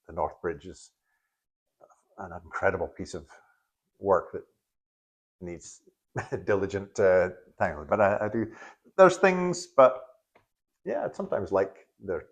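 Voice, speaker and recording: Halting deep-voiced man. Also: expressive, slightly rough. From Scotland. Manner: halting, stop-start, many restarts. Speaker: guest, photographer and tour guide. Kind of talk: casual podcast conversation.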